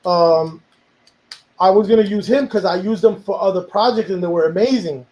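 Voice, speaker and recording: High-voiced man in rambling casual chat. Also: normal speed, darkish tone, muffled recording. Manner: rambling, switches into Spanish. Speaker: music producer and host.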